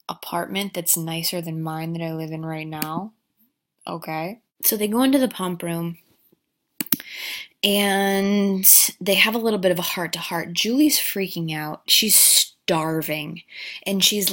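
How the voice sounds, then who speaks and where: A woman's voice: fairly low pitch, fairly bright tone. A woman giving a crude, sarcastic comedic recap of a movie, rambling with asides.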